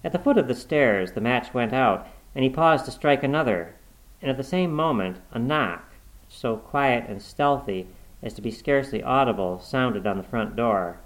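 A man reading a horror story aloud in a measured, suspenseful narration. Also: medium pitch, expressive, poor audio.

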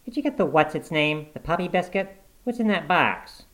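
Guy doing a naggy bossy wife voice, pitched up, snappy scolding questions. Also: animated, moderate pace, a bit bright. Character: bossy nagging middle-aged wife.

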